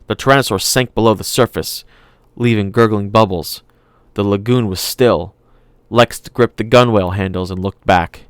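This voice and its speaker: Smooth, low-voiced male narrator. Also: moderate pace, no echo. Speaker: audiobook narrator. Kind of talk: scripted narration.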